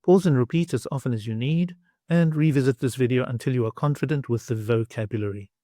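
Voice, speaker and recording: A man reads a scripted language lesson in a slow, clear, instructive way. His voice sits at an ordinary middle pitch. The recording is a dry, close voice-over with no room sound. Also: warm tone, no echo. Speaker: language teacher.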